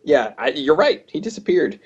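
A man's voice: on the high side, very animated, moderate pace, breathy edge, lo-fi sound. A man co-hosting a casual movie podcast, recapping the plot and playfully acting out characters' lines in a raised voice. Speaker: podcast co-host.

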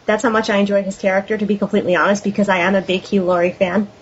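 A woman's voice: medium pitch, little pitch movement, rapid-fire. A woman co-hosting a podcast, talking about a movie with easy enthusiasm. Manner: laughs easily, enthusiastic. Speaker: podcast co-host. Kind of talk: casual movie discussion. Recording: lo-fi with faint noise.

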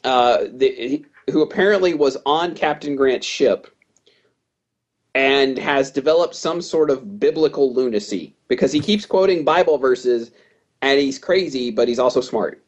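A man's voice: mid-range voice, unhurried, lo-fi sound. A man co-hosting a casual movie podcast, recapping the plot and playfully acting out characters' lines in a raised voice. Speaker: podcast co-host.

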